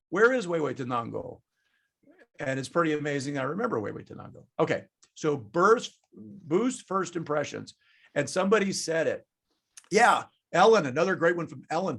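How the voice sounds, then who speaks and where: Animated, joking male conference presenter. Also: a little high, moderate pace, vocal fry, slightly rough. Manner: jokey, animated, chatty with the audience. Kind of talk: lively webinar presentation.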